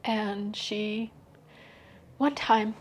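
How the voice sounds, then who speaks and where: A woman speaking as a podcast guest in an open, personal conversation. She talks softly and haltingly and often drops to a hushed near-whisper. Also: mid-range voice, steady tone, a little hiss or hum.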